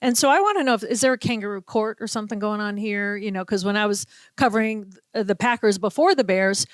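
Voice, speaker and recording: A woman with a Boston accent, a podcast host and sports reporter telling an animated story and acting out the quotes. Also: mid-range voice, quick pace, dry recording. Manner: animated storyteller, acts out quotes, laughs often. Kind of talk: casual storytelling chat.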